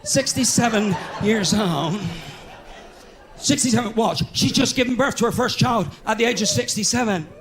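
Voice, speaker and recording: A man's voice: high-pitched, normal speed. A man with a West Country English accent doing live stand-up comedy in a large theatre, chatty and self-mocking as he banters with the crowd. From England.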